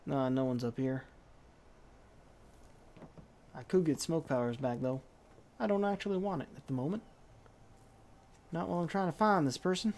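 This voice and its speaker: A woman's voice: low voice, fairly quick, pauses often, a little mellow, slight background noise. A woman streaming a game live, talking to the characters in a made-up drawling accent with folksy slang, impatient and swearing. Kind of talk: live gameplay commentary.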